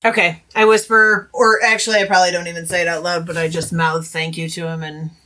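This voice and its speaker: A woman playing in a tabletop game, chatty and quick to laugh. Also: on the low side, little pitch movement, bright, forceful tone. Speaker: player.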